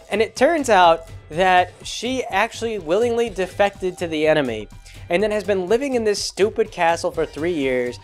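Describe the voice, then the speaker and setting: A man hosting his own show, recapping a video game in a rambling, exasperated way with lots of filler words. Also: high-pitched. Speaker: blog host. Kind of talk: casual gaming recap monologue.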